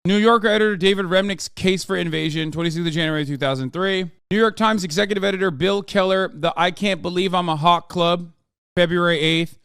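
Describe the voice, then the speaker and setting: A man's voice: sits high, smooth, dry recording, clean studio sound. A man hosting a live stream who reads articles aloud and breaks into profane, sarcastic rants. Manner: fast, flat reading of quoted text. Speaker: streamer host.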